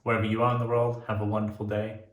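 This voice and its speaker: A man's voice: on the low side, monotone, rapid-fire. A man hosting a shaving vlog, talking casually and chattily while he shaves, swearing now and then when he is enthusiastic. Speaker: shaving channel host. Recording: roomy, echoey sound.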